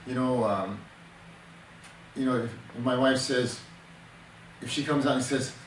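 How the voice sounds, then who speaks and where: An older man counseling and teaching in earnest, mid-pitched, leaning on homely examples and stopping to restart his thoughts. He sits back from the mic in a roomy, echoing space with a faint hiss underneath. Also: a little slow. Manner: earnest, explains with everyday examples and many restarts. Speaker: temperament counselor. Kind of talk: teaching talk in a counseling session. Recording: echoey room, distant mic, faint noise.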